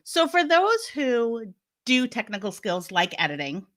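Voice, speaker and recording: A woman with a Boston accent leads a virtual panel in a bright, forceful voice that sits a little high. She talks emphatically and playfully, and her voice carries the flat sound of a video call. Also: unhurried. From Massachusetts. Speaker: panel moderator.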